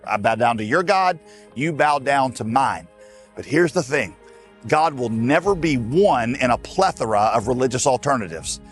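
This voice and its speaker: A man preaching a sermon as a pastor, folksy and emphatic, speaking straight to his listeners. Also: mid-range voice.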